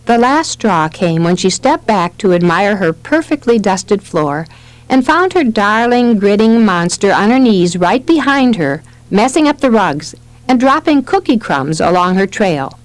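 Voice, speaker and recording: Expressive woman narrating a parenting audiobook. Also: mid-range voice, unhurried, no echo, rough recording. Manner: expressive storytelling reading. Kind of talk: scripted narration.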